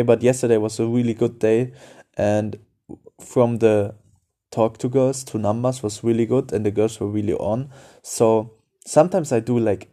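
Guy talking straight at you with dating tips, very dark mellow tone, keeps repeating himself like a coach. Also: medium pitch. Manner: direct, repetitive, coaching tone. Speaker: podcast host. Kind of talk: casual advice monologue.

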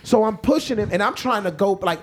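A man telling a story on a podcast in a casual, animated and profane way. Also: high voice, brisk, a little hiss or hum. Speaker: podcast guest or host.

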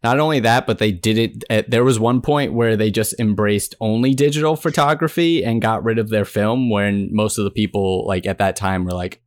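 A young man holds forth on a podcast, explaining with emphatic, opinionated energy. His voice is a bit low, recorded dry and close. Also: normal speed, hardly any pauses, dry recording. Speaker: podcast co-host. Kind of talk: casual chat.

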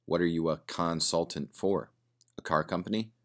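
A man's voice: deep voice, fairly even intonation, moderate pace. A man voicing a prickly, well-off woman who answers defensively in a bar. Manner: defensive, sharp retorts.

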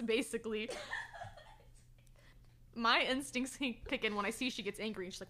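A woman's voice: a little high, fairly quick, long pauses. A young adult woman telling a story in a casual chat and acting out what people said. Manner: animated, quotes people in lively voices.

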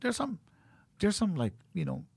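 A man's voice: high-pitched, sing-song, normal speed, vocal fry, breathy edge, no echo. A middle-aged man in casual chat, blunt and profane, rambling through stories. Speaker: podcast guest, cutman.

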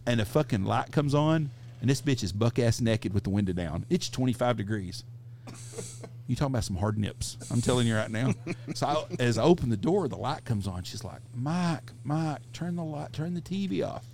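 A middle-aged man hosting a podcast, telling a crude anecdote in a casual, profane, animated way. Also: medium pitch, a little fast, slight background noise. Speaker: podcast host. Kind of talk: casual storytelling.

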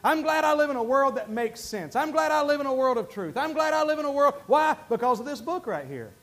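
A man preaching a sermon, swinging from quiet asides to shouted bursts of praise. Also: very high voice, expressive, fairly quick. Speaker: pastor.

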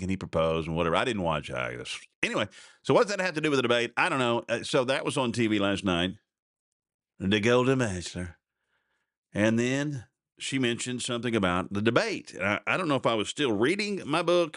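A man's voice: mid-range voice, fairly bright tone, no echo, studio quality. Folksy rambling male radio host. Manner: folksy, meandering, repeats himself. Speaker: radio talk show host. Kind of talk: casual rambling radio chat. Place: radio studio.

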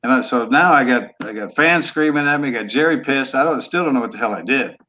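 Man, 60s, relaxed storyteller, trails off, dull lo-fi audio. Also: mid-range voice, a little fast. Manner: laid-back, trailing off, rough language. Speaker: guest, former football quarterback. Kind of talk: casual storytelling interview.

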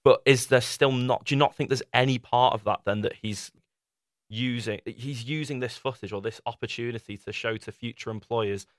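A podcast co-host reviewing a documentary argues his point in a casual debate, acting out the voices of people he quotes. His medium-pitched voice holds a steady tone at a moderate pace, recorded clean in a studio with no echo.

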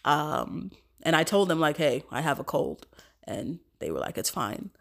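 Congested woman with a gravelly low voice. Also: big pitch swings, a little slow. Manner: earnest and affirming, repeating phrases, dropping to soft whispers. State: congested from a cold. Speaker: podcast host. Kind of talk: spoken evening prayer and casual chat.

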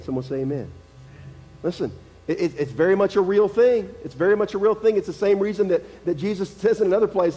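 A man with a high voice preaches a sermon, talking to the congregation as if chatting while hammering home his points. He repeats key phrases for emphasis, and his voice rings with the long reverb of a church hall. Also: expressive, a little fast, a little mellow. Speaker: pastor. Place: church sanctuary.

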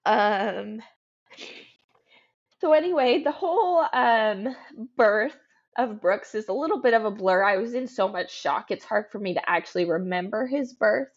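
A woman in her thirties recounts a personal story as a podcast guest, her voice sitting at an ordinary mid pitch. She speaks haltingly and with emotion, pausing on ums and restarting her sentences. The recording sounds dull and slightly lo-fi. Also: lively intonation.

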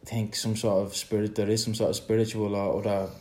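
An Irish man speaking reflectively in a conversation, halting and repeating words as he searches for them. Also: on the low side, level tone, a little mellow. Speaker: son in a conversation.

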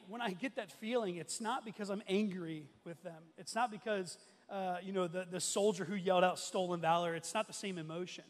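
A man in his thirties preaching as a pastor from a church stage, telling a story in a loose conversational way full of restarts and fillers. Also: high-pitched. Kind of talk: sermon. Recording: long hall reverb.

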